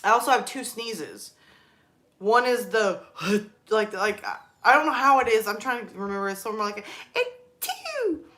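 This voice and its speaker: A woman's voice: medium pitch, sharp tone. Chatty woman telling stories. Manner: chatty storytelling, quick laughs. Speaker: live stream host. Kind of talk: casual live stream chat.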